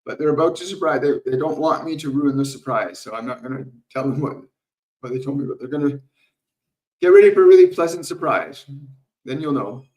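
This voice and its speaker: Calm man speaking from across a roomy space. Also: medium pitch. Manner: calm, slow, repetitive teaching with soft laughs. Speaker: spiritual medium answering viewer questions. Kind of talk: live Q&A stream with guided meditation. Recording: roomy sound, distant from the mic.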